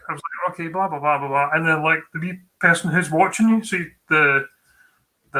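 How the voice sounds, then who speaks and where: A man's voice: a little high, sharp tone, poor audio. A Scottish man co-hosting a tech livestream, giving exam tips in a chatty, informal way with many fillers and restarts.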